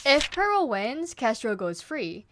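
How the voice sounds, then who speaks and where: A woman voicing a sinister female dragon queen, announcing with a gloating, theatrical manner through a voice that has been digitally deepened and given reverb. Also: sing-song, measured pace, fairly bright tone, slight background noise. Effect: voice digitally deepened with added reverb.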